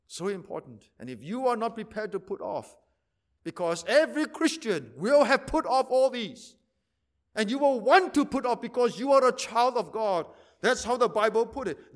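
A pastor preaching a sermon, repeating phrases for emphasis and swinging from loud to quiet. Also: male voice, very high-pitched.

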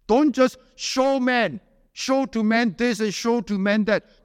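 A man preaching a sermon at a church camp, emphatic, swinging between loud urging and low, quiet pleading. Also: slow, studio quality. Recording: long hall reverb.

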